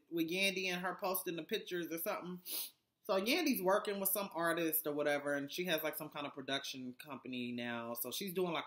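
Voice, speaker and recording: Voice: mid-range voice, a bit bright. A vlogger recapping a reality TV episode in a casual, profane and sarcastic way, rambling with lots of fillers and restarts.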